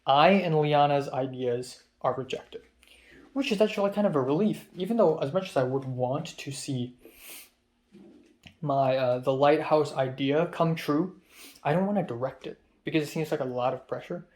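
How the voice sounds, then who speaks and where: A young man from Hong Kong recounts his day in a loose, casual diary vlog. His voice sits a little high, and he rambles freely, leaning on plenty of ums and likes. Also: moderate pace, darkish tone. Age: young adult. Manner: rambling, chatty, many fillers. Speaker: film student vlogger.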